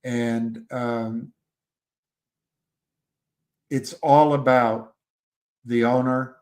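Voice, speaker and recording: Brief: male livestream host, unhurried, halting storyteller with frequent restarts. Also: medium pitch, steady tone, a little mellow. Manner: halting, rambling, many restarts. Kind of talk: casual livestream chat and storytelling.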